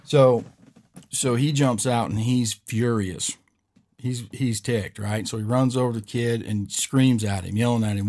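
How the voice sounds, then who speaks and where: A man's voice: medium pitch, steady tone, unhurried, a little mellow. A man hosting a podcast, telling a story in a rambling, casual way and often checking in with "right?". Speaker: podcast host.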